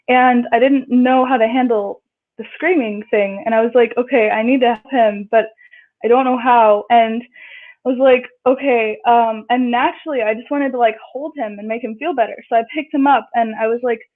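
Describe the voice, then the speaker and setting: A chatty woman with a high voice, telling a story and jumping up in pitch whenever she acts out what people said. She comes through a thin, tinny phone line, with the audio squeezed and narrow. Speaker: guest. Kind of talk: casual storytelling.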